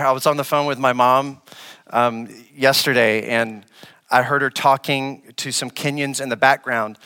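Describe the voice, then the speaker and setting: Preaching with a bright, slightly high voice, a West African male pastor poses questions to the congregation and repeats phrases to drive points home. He shifts from loud, raised lines to quiet, low ones, and the recording carries a long reverb tail.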